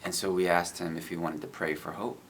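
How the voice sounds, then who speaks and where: A man's voice: low voice, fairly even intonation, fairly quick, fairly bright tone, slight background noise. A middle-aged man telling of his faith and street outreach in an earnest, casual way, often saying "you know". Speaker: guest, IT business owner. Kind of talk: casual testimony.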